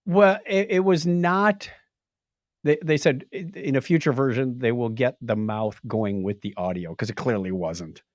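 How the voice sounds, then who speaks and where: A man's voice: mid-range voice, a little slow, no room sound, clean studio sound. A man co-hosting a podcast, casually recapping tech news and reading quotes out in playful voices. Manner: animated storyteller, reads quotes in playful voices. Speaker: podcast co-host.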